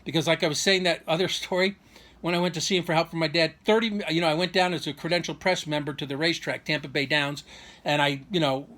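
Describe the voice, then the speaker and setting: A man's voice: a little high, fairly even intonation, fast, pushed and bright. Aggrieved man telling a rambling story. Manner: rambling, aggrieved, full of restarts and asides. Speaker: vlogger. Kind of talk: personal storytelling monologue.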